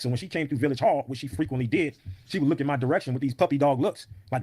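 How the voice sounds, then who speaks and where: A man's voice: on the high side, very fast, mellow, husky, dry recording. A man in an interview, telling a story in a blunt, emphatic, often profane way. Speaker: podcast guest.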